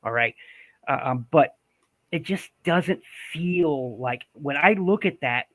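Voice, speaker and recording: A man's voice: a little high, animated, takes it slowly, a bit bright, dry recording. A man in casual panel chat, speaking emphatically and repeating himself for stress. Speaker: panel guest.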